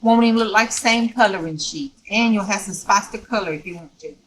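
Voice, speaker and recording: A woman's voice: mid-range voice, brisk, fairly bright tone, low-quality recording. A woman talks through a craft project step by step. She is folksy and rambling and keeps checking in with the viewer. The close recording has a faint hum of background noise. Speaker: craft tutorial host.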